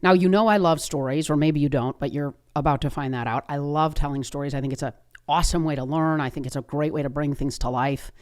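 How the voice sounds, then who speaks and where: A woman's voice: sits low, steady tone, fast, darkish tone. A woman in her fifties hosting a podcast, telling a personal story in an earnest, conversational way with frequent restarts. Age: 50s. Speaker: podcast host.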